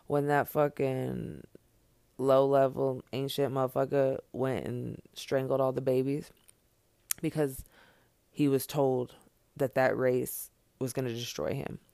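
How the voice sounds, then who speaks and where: A man's voice: mid-range voice, creaky, a little mellow, no echo. A man speaking straight to camera in an impassioned, unscripted monologue, blunt and profane, hammering his points with repeated phrases.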